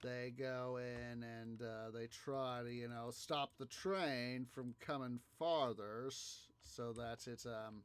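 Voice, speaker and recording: A man hosting a gaming video, telling a story in a halting, rambling way, full of fillers and restarts as he plays. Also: medium pitch, steady tone, smooth. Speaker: gaming channel host. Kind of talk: casual gameplay commentary.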